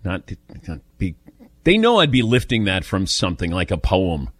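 A man hosting a sports talk radio show, speaking in a dry, wry, brisk way. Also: low-pitched, wildly swooping pitch, dry recording.

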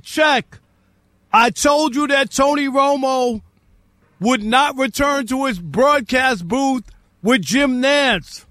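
A man's voice: very high-pitched, sharp tone, no echo. A man hosting a sports talk radio show, brash and emphatic as he boasts about his predictions.

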